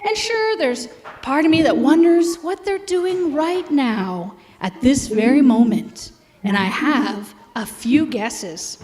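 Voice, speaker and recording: A fussy, homebody egg frets and chatters in a high, lively voice, as a woman reads his part. He swoops between high and low as he talks. The sound carries the long echo of a hall. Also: slow pace. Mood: chatty. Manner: chatty, expressive storybook reading. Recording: echoey hall.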